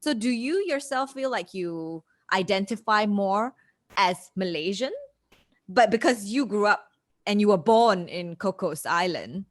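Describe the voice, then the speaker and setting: A woman's voice: medium pitch, lively intonation, a little slow. A woman hosts a breakfast radio show in a mid-range voice. She keeps it casual and probes her guest with direct, curious follow-up questions.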